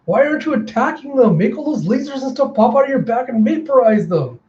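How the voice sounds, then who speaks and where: A man putting on a high, squeaky little girl who is scared but stubborn, jumping up far above his usual pitch. The sound is roomy and a little dull. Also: animated, a little fast, warm tone. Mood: bossy.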